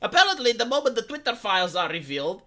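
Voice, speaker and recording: A man's voice: high-pitched, big pitch swings, quick pace, pushed and bright. A man from Romania giving an opinionated political monologue to his viewers, ranting with frequent restarts. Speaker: political commentator streamer.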